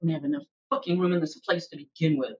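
A woman's voice: low-pitched, quick pace, husky, highs cut off. A woman live streaming from her desk in a small room, irritated and sarcastic, swearing as she rants. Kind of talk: ranting live stream talk.

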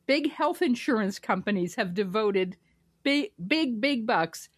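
Wry woman with an animated voice. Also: a little high, measured pace, no echo, clean studio sound. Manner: wry and sarcastic, laughs often. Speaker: podcast co-host. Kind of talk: casual political podcast banter.

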